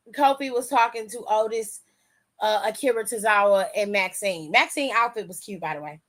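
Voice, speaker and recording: A woman talks through a wrestling aftershow in loose, casual speech. Her voice sits a bit high, and she is animated and swears freely. She keeps slipping into the wrestlers' lines to act them out. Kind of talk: casual recap commentary.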